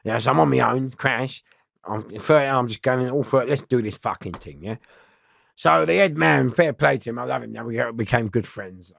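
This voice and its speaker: A man telling a prison story in an interview, animated and swearing, acting out voices and laughing often. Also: mid-range voice, moderate pace, vocal fry. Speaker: interview guest.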